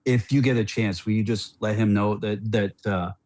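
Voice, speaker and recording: A middle-aged man, a former player as podcast guest, telling a story in a rambling, animated way with many restarts. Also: on the low side, moderate pace, no room sound.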